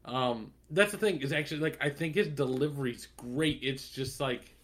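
A young man with a bright, forceful tone co-hosts a podcast. He talks in a laid-back way and swears casually. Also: mid-range voice, moderate pace. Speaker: podcast co-host. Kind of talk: casual chat.

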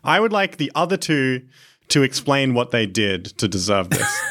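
A man's voice: medium pitch, sing-song, moderate pace, a bit bright. A man hosting a comedy game show, playfully calling turns and announcing scores.

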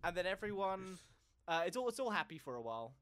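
Man, comedy podcast co-host, somewhat high voice, casual storytelling, stammering repetitions, frequent laughing. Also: big pitch swings, quick pace, a bit bright.

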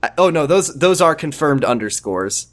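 A man with a somewhat high voice reads fanfiction aloud for laughs, his pitch leaping all over the place. He keeps stopping to crack jokes and comment on the text. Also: lively intonation, normal speed. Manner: breaks into laughter and side comments while reading. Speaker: podcast co-host reading fanfiction aloud. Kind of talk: comedic dramatic reading with banter.

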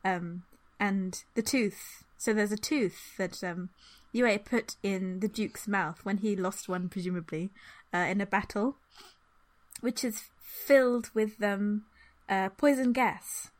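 A woman co-hosting a casual book discussion, rambling with lots of fillers and quick laughs. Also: medium pitch. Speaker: podcast co-host.

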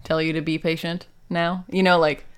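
A woman's voice: level tone, moderate pace, clear, resonant tone. A woman co-hosting a podcast, chatting casually and playfully as she recaps a TV episode. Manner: playful, jokey, acts out quotes with big swings in pitch. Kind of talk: casual chat.

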